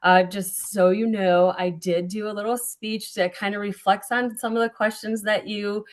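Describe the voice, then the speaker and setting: A woman's voice: medium pitch, little pitch movement, moderate pace. A woman mayor giving prepared remarks at a town hall, earnest, with frequent ums and small self-corrections.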